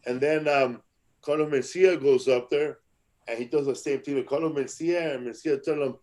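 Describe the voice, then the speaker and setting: A man's voice: a little high, steady tone, normal speed, a little mellow, rough recording. A man hosting a podcast, telling stories in casual street slang, swearing and acting out angry quotes. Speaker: podcast host. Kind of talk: casual storytelling chat.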